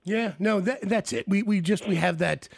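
A man's voice: high voice, normal speed, creaky, slightly rough, no echo, studio quality. A man hosting a radio interview, enthusiastic and rambling, repeating words as he talks.

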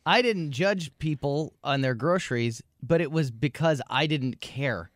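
A man's voice: a little high, unhurried, no room sound. Easygoing man with a wry, dry delivery. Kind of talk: casual chat.

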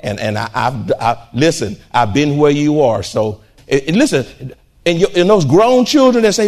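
An older man preaching an impassioned sermon to a church congregation, breaking into shouts and trading call-and-response with the crowd. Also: on the high side, expressive, moderate pace.

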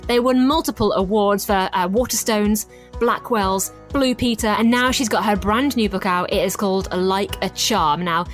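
A woman's voice: mid-range voice, normal speed, soft background music. A woman hosting a show, chatting enthusiastically with fillers and asides. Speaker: radio show host. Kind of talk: casual presenting.

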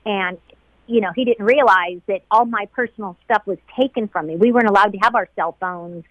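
A woman who was a flight attendant, being interviewed about a painful day. She talks in a halting, emotional way and often repeats herself. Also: mid-range voice, no echo. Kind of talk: emotional personal recollection. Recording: dull lo-fi sound.

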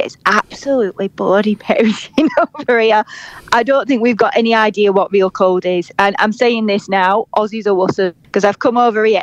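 A woman's voice: mid-range voice, no room sound. A woman with a Yorkshire accent from Huddersfield, co-hosting a casual podcast chat remotely, blunt and cheeky with broad northern slang and frequent laughter. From England, Huddersfield. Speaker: podcast co-host. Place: at home in England, calling in remotely.

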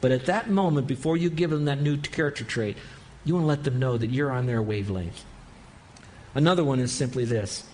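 A man's voice: mid-range voice, fairly quick, a little mellow, a little hiss or hum. A man preaching a sermon in an earnest way, acting out what a parent might say to a child in a lifted voice. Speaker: pastor.

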